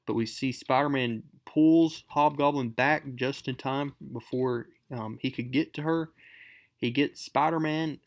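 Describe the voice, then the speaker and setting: A man hosting a casual comic book recap, talking in a chatty, enthusiastic way. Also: mid-range voice.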